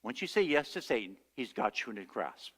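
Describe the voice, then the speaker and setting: A man's voice: medium pitch, very animated, a little fast, gravelly, fairly bright tone, long reverb tail. A male pastor preaching a sermon, telling stories and acting out the voices he quotes. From United States. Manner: storytelling, acts out quoted voices. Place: church sanctuary.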